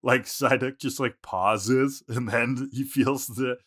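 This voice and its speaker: A man co-hosting a podcast in casual, chatty banter, quick to laugh along. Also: medium pitch, fairly even intonation, fairly bright tone, husky, dry recording, studio quality. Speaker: podcast co-host.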